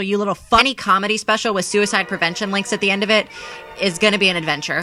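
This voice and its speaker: A young adult woman YouTuber delivering a satirical video essay with sarcastic, deadpan mock-seriousness. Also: medium pitch.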